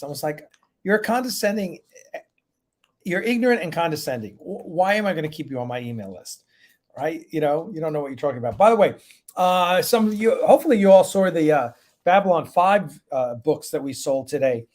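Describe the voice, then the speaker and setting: A man's voice: fairly high pitch, a little mellow. A man hosting a casual live stream, chatting loosely, greeting viewers one by one by name and rambling between asides.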